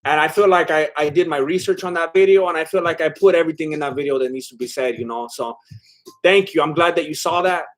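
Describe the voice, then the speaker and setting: A man with a slightly high-pitched voice hosts a casual live stream. He chats loosely with his viewers and reads their comments aloud. He laughs often and drifts a bit while eating. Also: fast, soft background music. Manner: chatty and scattered, laughing often. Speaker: livestream host. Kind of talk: casual live watch-along chat reading viewer comments.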